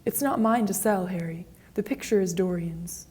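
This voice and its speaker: A woman's voice: lowish voice, normal speed, mellow, slight background noise, natural voice. A woman reading the lines of an earnest, devoted painter in a graded reader audiobook. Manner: earnest, reproachful.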